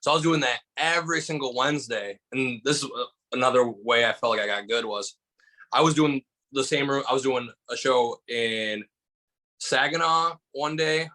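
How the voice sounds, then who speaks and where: A young Michigan man with a medium-pitched voice tells stories as a podcast guest; he's a stand-up comedian and an animated storyteller. The chat is casual and heavy with "like" fillers, captured on a low-quality recording.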